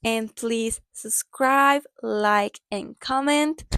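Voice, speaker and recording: A woman's voice: fairly high pitch, very slow, fairly bright tone, a little hiss or hum. A woman vlogger recapping a movie in a casual, gushing way, often saying "like" and "literally" and speaking as a dancer herself. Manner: chatty and gushing, with lots of "like" and "literally"; dancer talking from personal experience.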